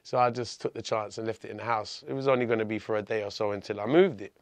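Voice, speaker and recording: A man telling a personal story as a podcast guest, blunt and animated, often restarting his sentences. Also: lowish voice, quick pace, no room sound.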